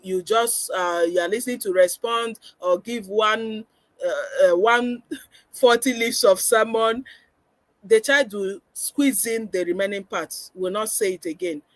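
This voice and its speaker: A parenting coach gives a webinar lecture in a medium-pitched voice with no room sound. She is earnest and instructive, often acting out the way parents should talk with their children.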